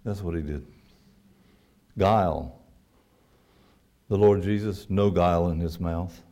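A man's voice: sits low, takes it slowly, mellow. A man preaching a sermon, earnest, quoting scripture and asking his listeners rhetorical questions.

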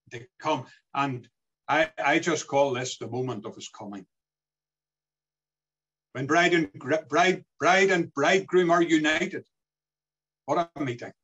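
A man's voice: fairly high pitch, a bit bright, breathy edge, low-quality recording. A man preaching a sermon in an earnest way, his voice rising and falling as he quotes scripture.

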